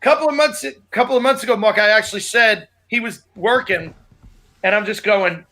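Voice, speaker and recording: High bright-voiced comic telling stories. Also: male voice, fairly quick. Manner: loose, rambling storyteller with restarts. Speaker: podcast co-host, comedian. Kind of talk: casual chat.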